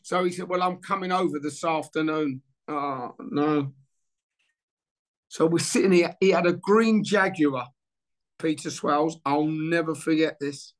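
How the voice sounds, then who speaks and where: In a relaxed interview, a former footballer in his sixties tells an anecdote and acts out the dialogue with animation. His voice is fairly high and his pace unhurried.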